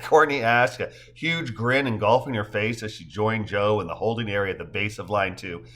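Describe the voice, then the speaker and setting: A man narrating a novel in an expressive, storytelling way. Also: on the low side, moderate pace, hardly any pauses. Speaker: audiobook narrator. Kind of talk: scripted narration.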